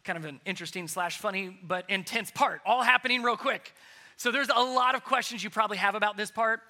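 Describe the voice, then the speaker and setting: A man preaching a sermon, animated, moving between loud emphasis and hushed, quiet points. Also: high-pitched, a little fast. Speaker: pastor.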